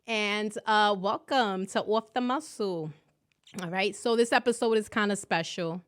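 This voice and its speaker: A woman's voice: mid-range voice, measured pace, smooth. Brash New woman hosting a podcast. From New York. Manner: loud, profane, animated storytelling full of slang. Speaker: podcast host. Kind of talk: casual solo podcast monologue.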